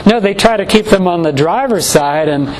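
A man preaching a morning sermon, measured and earnest, slowing down to stress scripture quotations. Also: high voice, expressive, slight background noise, rough recording.

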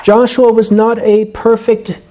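A man preaching a sermon, measured and emphatic, slowing down to stress key phrases. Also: sits high, little pitch movement, mellow, dull audio.

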